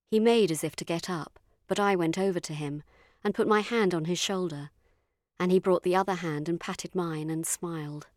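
Low-voiced woman reading a story aloud. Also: a little mellow, no echo, clean studio sound. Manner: measured, dryly witty. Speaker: narrator. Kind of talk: scripted first-person narration.

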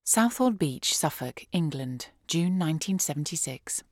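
A woman narrating an audiobook in a calm, measured, clearly enunciated way, close to the mic. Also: sits low, dry recording. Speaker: audiobook reader.

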